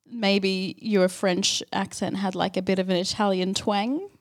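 A woman speaks as a podcast guest in an easygoing, conversational way. She fills in details of the trip and gently corrects the host's memory. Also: medium pitch, steady tone, measured pace. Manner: laid-back, adds details and corrections. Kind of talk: casual travel recap chat.

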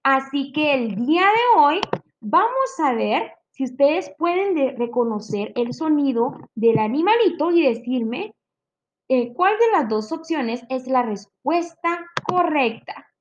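A woman's voice: sits high, sing-song, normal speed, lo-fi sound. A woman teaching young children a lesson in an exaggerated, sing-song manner, imitating animal sounds. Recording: clear background noise.

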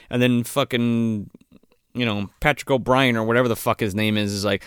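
A man recapping a movie in casual chat, swearing a lot and acting out characters in quick voices. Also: medium pitch, steady tone, fairly bright tone, smooth, no echo, clean studio sound. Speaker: podcast co-host.

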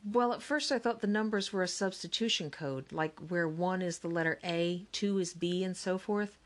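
A woman narrator plays a calm, clever older brother in a storybook. He lays out his reasoning patiently and evenly. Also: on the low side, moderate pace, natural voice. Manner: calm, explaining. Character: calm, thoughtful older brother, puzzle-solver. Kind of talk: audiobook character reading.

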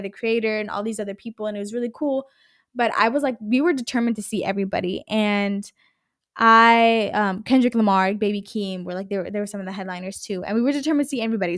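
A woman hosting her own podcast, talking casually in an animated, rambling way and swearing a lot. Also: mid-range voice, no echo, clean studio sound. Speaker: podcast host. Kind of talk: casual solo podcast chat.

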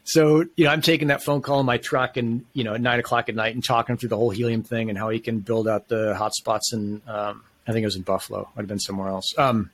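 A man's voice: lowish voice, steady tone, quick pace, hardly any pauses, a bit bright. A man talking as a podcast guest, telling a long story in a casual, enthusiastic, rambling way with plenty of slang.

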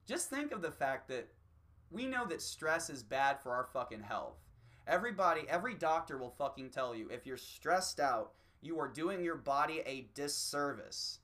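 A man delivering a rambling, swear-filled opinion rant, slipping into quick mocking voices. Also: fairly high pitch, very animated, pushed and bright. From United States. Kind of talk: profane opinion rant monologue.

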